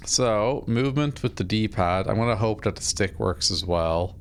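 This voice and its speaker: A man's voice: fairly low pitch, normal speed, smooth. A man casually chatting on a live stream while playing a game, rambling, self-deprecating and swearing offhand.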